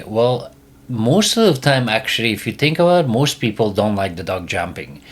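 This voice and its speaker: With a sing-song delivery at a moderate pace, this podcast host gives casual dog training tips, stressing points, repeating himself and frequently sinking to a low, quiet voice.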